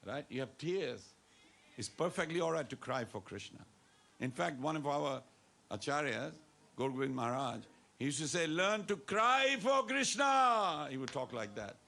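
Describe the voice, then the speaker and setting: Gravelly-voiced man leading a temple sermon. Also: medium pitch, normal speed. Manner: playful, coaxing the audience to respond and dance; mixes in Hindi phrases. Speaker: temple speaker. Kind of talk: devotional sermon to a congregation. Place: temple hall with congregation.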